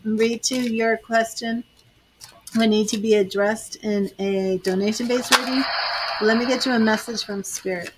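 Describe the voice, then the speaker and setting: A woman's voice: a little high, steady tone, unhurried, noisy background. An older woman giving tarot readings on a live stream, chatting with viewers by name. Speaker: tarot reader.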